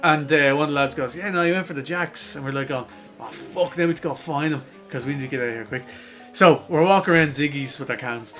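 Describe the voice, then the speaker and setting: A young Irish man from Dublin, co-hosting a podcast and telling a sweary, animated story in casual chat. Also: mid-range voice. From Ireland. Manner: sweary, animated anecdote teller. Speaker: podcast co-host.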